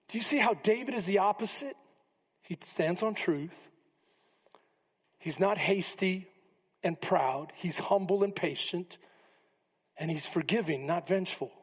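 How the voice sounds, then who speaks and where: High, husky-voiced pastor preaching in a hall. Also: male voice. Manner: animated storytelling, acting out quotes with humor. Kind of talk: sermon. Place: church sanctuary. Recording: long reverb of a church hall.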